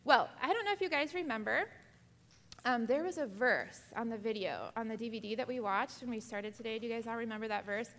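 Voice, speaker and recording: Woman, Bible class teacher, higher voice, long reverb. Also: brisk. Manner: asks the class many questions; animated, acts out quotes. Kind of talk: Bible lesson to girls.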